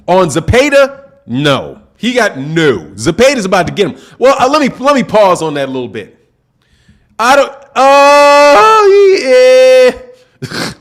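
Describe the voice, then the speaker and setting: Male stream host, high voice, emphatic slangy rant, repetitive, reacting to chat. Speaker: boxing channel host. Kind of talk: casual live-stream commentary.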